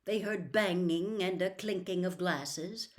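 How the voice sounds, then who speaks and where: A woman reading a novel aloud in a slow, deliberate storytelling manner. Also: fairly low pitch. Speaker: narrator. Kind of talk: audiobook reading.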